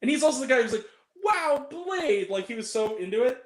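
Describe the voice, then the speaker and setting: A woman's voice: fairly high pitch, very fast, darkish tone. A woman co-hosting a casual chat, telling a story animatedly and laughing often. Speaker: podcast co-host. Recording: roomy echo.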